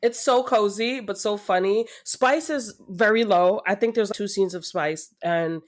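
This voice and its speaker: A woman's voice: mid-range voice, a little slow. Gushing woman chatting about books. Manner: gushing, animated, laughs often. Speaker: podcast co-host. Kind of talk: casual book-review chat.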